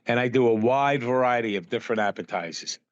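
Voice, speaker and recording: A man telling lively stories as a podcast guest, sprinkling his talk with "you know" and acting out what people said. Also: mid-range voice, quick pace, no room sound, highs cut off. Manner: animated storyteller, full of "you know" and acted-out quotes. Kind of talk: anecdotal interview chat.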